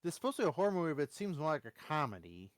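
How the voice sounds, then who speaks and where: A man with a fairly high-pitched voice chats quickly and loosely, often circling back and restarting his sentences. His voice sounds dry and close, with no room around it. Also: big pitch swings, no echo. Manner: rambling, full of fillers and restarts. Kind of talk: casual chat.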